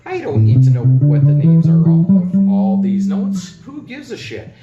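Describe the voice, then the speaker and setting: In a home garage, a guitar teacher gives a casual lesson, talking bluntly and rambling while humming notes as he plays. His voice sits on the high side with huge pitch swings and a measured pace. The lo-fi recording is roomy and dull, with loud electric guitar in the background.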